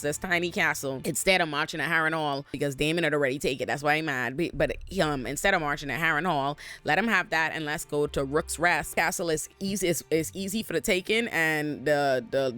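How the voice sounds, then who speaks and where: Animated, slangy show-recap vlogger. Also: mid-range voice. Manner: animated, profane, slangy storytelling. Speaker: TV episode recapper. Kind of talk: casual recap commentary. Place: bedroom at home. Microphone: own camera.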